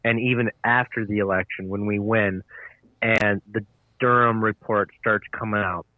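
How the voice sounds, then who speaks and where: A man's voice: on the low side, fairly even intonation, moderate pace, no echo. A nineteen-year-old man, a guest in a political chat, talking hesitantly with many ums and uhs. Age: teens. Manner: hesitant, fills with uh and um. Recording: tinny phone-line sound.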